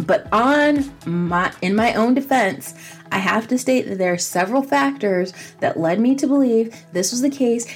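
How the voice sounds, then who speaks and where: A woman hosting a casual solo podcast, chatty and self-mocking, laughing often as she talks. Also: medium pitch. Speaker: podcast host.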